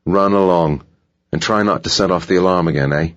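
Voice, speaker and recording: A man's voice: low voice, fairly quick, highs cut off, close to an everyday voice. A man voicing a stern, suspicious security guard. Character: big, commanding male security guard.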